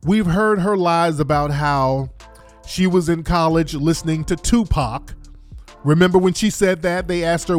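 A man hosting a commentary show, scornful and animated, drawing out and sing-songing his words. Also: on the high side, unhurried, soft background music. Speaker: host.

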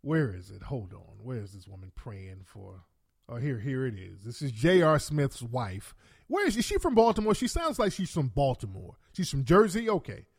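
Animated, cursing man commentator. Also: mid-range voice, moderate pace, creaky, slightly rough. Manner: animated, profane, laughing asides. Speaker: commentary host. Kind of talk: casual commentary.

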